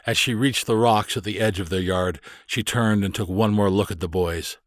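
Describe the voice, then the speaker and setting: A man narrating a children's storybook aloud with expressive, lively storytelling, close to the mic. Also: lowish voice, normal speed, no room sound. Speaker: audiobook narrator.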